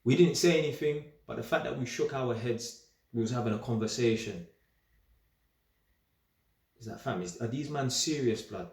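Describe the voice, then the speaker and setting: Pausing often but keeping a normal speed, a young vlogger talks straight in a casual monologue packed with street slang. His middle-pitched voice is animated and emphatic, he repeats himself, and a roomy echo surrounds it.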